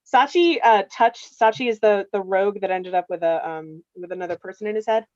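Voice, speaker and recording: This woman, part of the game master staff, speaks briskly in a mid-range voice with a darkish tone. The audio is dull with no room sound. During a casual livestream chat over video call, she rambles through long game stories heavy with fillers.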